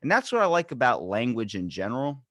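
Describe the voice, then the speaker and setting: A man with a Baltimore accent, hosting a podcast and telling stories in a rambling, animated way, voicing the people in them. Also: mid-range voice, fast talker, no echo. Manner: rambling, animated storytelling with acted quotes. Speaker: podcast host. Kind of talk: casual conversational chat.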